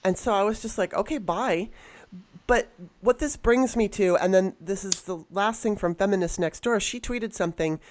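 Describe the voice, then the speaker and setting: A woman's voice: medium pitch, normal speed, hardly any pauses. A woman co-hosting a podcast, talking bluntly and heatedly and swearing freely in casual chat. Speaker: podcast co-host.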